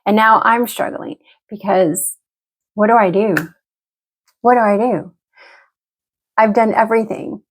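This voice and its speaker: A woman's voice: mid-range voice, steady tone, unhurried, pauses often, a little hiss or hum. A middle-aged woman venting frankly and emotionally to camera as she gets ready, swearing freely. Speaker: vlogger. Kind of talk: candid talk to camera while getting ready.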